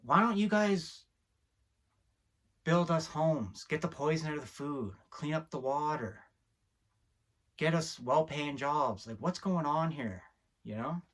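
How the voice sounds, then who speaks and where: A video host with a voice on the high side talks a little slowly as he addresses the camera. What he offers is heated, preachy commentary, and he becomes more worked up along the way.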